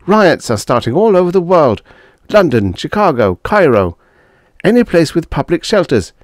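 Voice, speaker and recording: A man's voice: a little high, sing-song, moderate pace, no echo, clean studio sound, pitched above the performer's own voice. Man doing an urgent young space officer.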